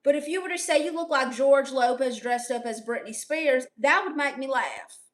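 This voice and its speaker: A woman's voice: high-pitched, moderate pace. A young woman live-streaming, reading viewer comments aloud and firing back sassy, brash comebacks.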